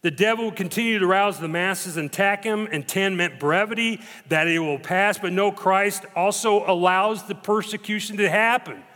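Man, pastor, sermon, high voice, emphatic slow repetitions, long church reverb. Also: bright, forceful tone. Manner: emphatic, dramatic retelling with slow stressed repetitions. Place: church sanctuary.

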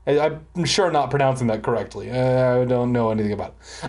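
A man's voice: medium pitch, fast talker, a little mellow. A man reading a children's book aloud and breaking off into profane, self-mocking, rambling asides. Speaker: reader and commentator. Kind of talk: casual read-aloud with rambling commentary.

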